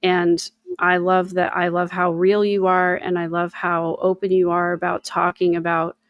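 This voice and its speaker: A woman's voice: lowish voice, flat delivery, normal speed, no room sound, dull audio. A woman hosting a casual livestream chat over a video call, talking in a reflective, encouraging way and often repeating her phrases. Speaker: host.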